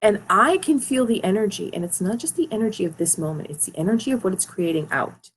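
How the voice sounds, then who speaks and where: A woman's voice: mid-range voice, animated, fast talker, slight background noise, low-quality recording. A woman life coach giving an earnest motivational talk, repeating her phrases for emphasis.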